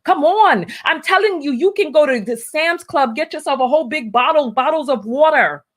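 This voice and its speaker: A high-pitched middle-aged woman hosts her own show, sermonizing about the news in an emphatic, preachy monologue. She drives her points home with rhetorical questions, asks them again and again, and answers them herself. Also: animated, normal speed. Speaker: show host. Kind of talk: opinion commentary monologue.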